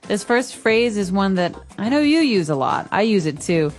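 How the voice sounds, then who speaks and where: A woman's voice: mid-range voice, big pitch swings, moderate pace, faint music behind. Woman co-host teaching english phrases, mid voice, gives lots of example lines. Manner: clear, friendly explaining with example sentences.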